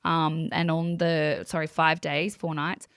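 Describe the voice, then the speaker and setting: Animated woman telling a story, dry sound. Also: low voice, measured pace, clear, resonant tone, dry recording. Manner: animated, acts out her own quoted thoughts; many fillers and restarts. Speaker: guest, psychic medium. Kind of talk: casual interview storytelling.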